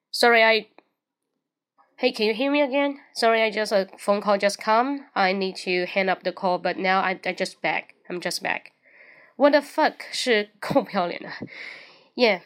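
A woman's voice: mid-range voice, moderate pace. A woman whose first language is Chinese, hosting a casual bilingual livestream as an English teacher, mixing Chinese and English and spelling words out letter by letter.

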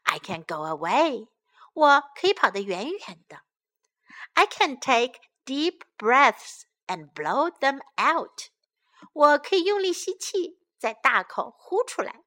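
Bright, lively woman teaching children English. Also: sits high. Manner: slow, clear, lively, repeats each phrase. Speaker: bilingual children's story teacher. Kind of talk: reading a picture book and drilling phrases.

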